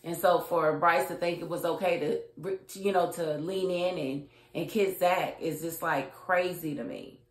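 A woman's voice: on the low side, fairly even intonation, measured pace, few pauses. Chatty woman recapping a show, roomy sound. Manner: chatty, acts out characters' lines; colloquial, outspoken. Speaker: TV show reviewer. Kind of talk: casual recap and review. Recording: roomy echo.

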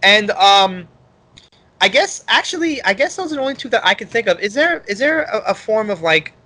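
A man with a Brooklyn accent co-hosting a casual podcast chat, loud and enthusiastic, laughing often. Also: high-pitched, big pitch swings, moderate pace. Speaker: podcast co-host.

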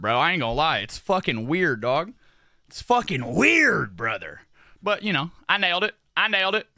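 A man's voice: on the high side, pushed and bright, dry recording, studio quality. Slangy, profane young man streaming. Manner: profane, slangy, rambling with repeated phrases. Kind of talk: casual livestream chat while doing makeup.

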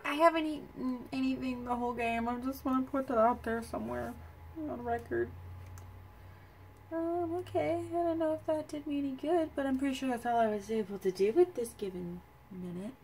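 A woman's voice: high voice, moderate pace, a little mellow, a little hiss or hum. A young woman giving let's play commentary, cooing at her companion creature and swearing freely. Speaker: gamer. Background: game music.

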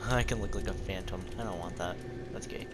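A young man giving casual, jokey gameplay commentary at home, breaking into loud frustrated outbursts. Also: low-pitched, fast talker, over loud music. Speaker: gaming channel host. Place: home room with dogs around. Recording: loud background noise.

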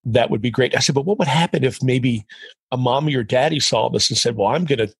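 Middle-aged male guest, raspy and gravelly, animated storyteller. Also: medium pitch, fast, dry recording. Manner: animated, quotes others in dialogue. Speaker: podcast guest. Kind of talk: storytelling in conversation.

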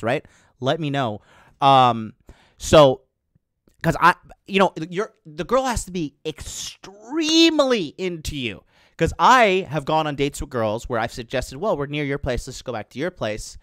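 On a dating show, a male host with a mid-range, slightly bright voice chats casually with his live chat viewers, rambling through crude stories and swearing freely. His tone is clear and resonant, recorded with studio quality and no room sound. He comes across as a dating coach.

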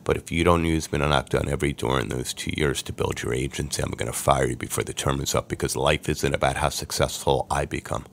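Very deep gravelly man telling his story. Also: fast, hardly any pauses. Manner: animated storyteller, acts out quoted voices. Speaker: podcast guest, sports agent. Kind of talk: storytelling interview.

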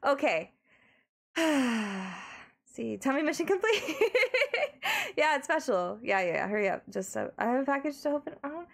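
Giggly Australian woman streamer, gravelly. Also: sits high, big pitch swings, normal speed, long pauses. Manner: giggly, flustered, talks to chat. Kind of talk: casual live-stream chat.

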